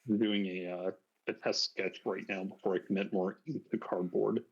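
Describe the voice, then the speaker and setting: A man's voice: deep voice, steady tone, breathy edge, muffled recording. A man who is a guest artist, chatting in a laid-back way and often murmuring agreement. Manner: laid-back, quick to affirm. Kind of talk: casual chat.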